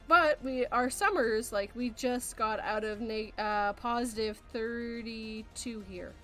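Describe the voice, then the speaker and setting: A woman's voice: on the high side, takes it slowly, a bit bright, faint music behind. A Canadian woman hosting a casual podcast chat, rambling through explanations and laughing often. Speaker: podcast host.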